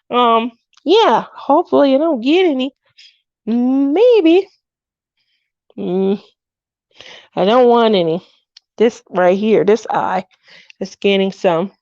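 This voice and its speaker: A woman in her fifties hosts a craft livestream, her fairly high voice captured in a muffled recording with no room sound. She chats casually and tells stories, laughing often and acting out what people said.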